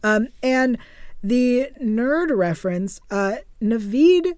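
A woman's voice: fairly high pitch, lively intonation, slow, darkish tone, no echo, studio quality. A woman co-hosting an after-show podcast, recapping an episode in a casual, chatty way with frequent fillers and small laughs. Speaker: podcast co-host.

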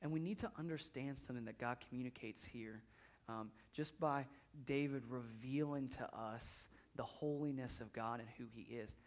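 A man's voice: mid-range voice, moderate pace. A man in his thirties preaching a sermon in a church, conversational, often repeating words as he builds up intensity. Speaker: pastor.

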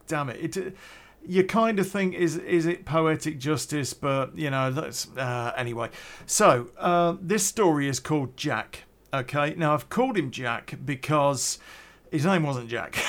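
A man's voice: medium pitch, a bit bright. A middle-aged man casually telling a story on a podcast, rambling and hesitant, with many fillers and restarts.

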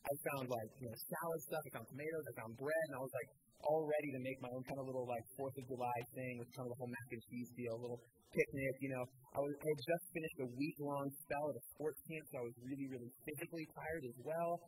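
A man's voice: medium pitch, fairly even intonation, fast, a little mellow, slight background noise, low-quality recording. A young American man preaching a sermon in a church, telling stories casually with lots of fillers. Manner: storytelling, casual with many fillers. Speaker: pastor.

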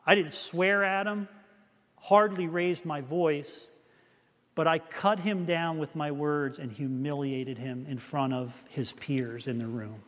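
A man's voice: a little high, takes it slowly, fairly bright tone, in a large hall. A middle-aged man preaching a sermon, telling a personal story in an earnest, confessional way.

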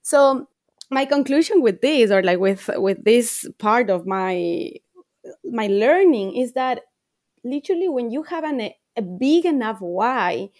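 Earnest woman coach, high voice, dry sound. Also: expressive, unhurried, a little mellow, no echo. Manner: earnest, reflective, repeats phrases for emphasis. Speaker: confidence coach, guest. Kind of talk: podcast interview.

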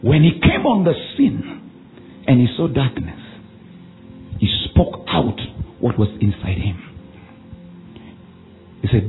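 Man preaching with commands to the congregation. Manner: commanding call-and-response preaching, swinging between shouts and low drawn-out lines. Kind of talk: sermon. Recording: tinny phone-like recording with faint music.

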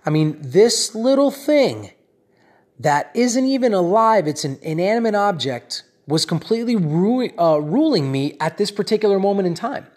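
A man telling a personal story that turns into a lesson, talking in an animated, rambling way and often checking in with "right?" and "you know?". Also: high-pitched, moderate pace. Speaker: speaker addressing his audience.

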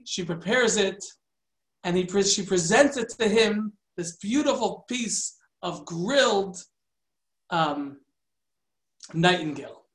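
A man telling a folk tale in a halting way, with many fillers and restarts and Yiddish and Hebrew words mixed in. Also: high-pitched, fairly bright tone. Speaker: storyteller. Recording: roomy echo.

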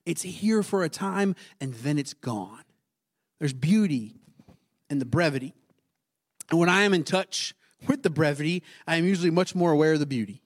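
A man preaches in a relaxed, conversational way colouring his words. He sits in his thirties, with a voice pitched slightly higher than most men's. He keeps turning to the congregation with questions as he talks. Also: normal speed. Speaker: pastor. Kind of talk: sermon.

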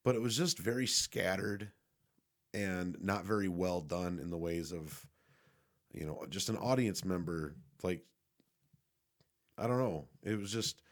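A man's voice: low-pitched, lively intonation, normal speed. A young man giving a casual, rambling movie review, swearing freely and restarting his sentences often. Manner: rambling, profane, frequent restarts and fillers.

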